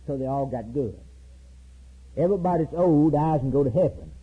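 A man preaching a sermon with a raspy voice, rising to loud high climaxes and slowing down for emphatic repeated lines. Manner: preaching with sudden loud high climbs and slow emphatic repetitions. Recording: tinny lo-fi recording.

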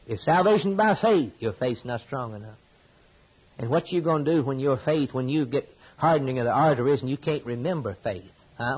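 A man preaching a sermon, building phrases through repetition and swinging between loud emphasis and soft asides. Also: mid-range voice, husky, rough recording. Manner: impassioned, preaching with rising and falling emphasis and repetition.

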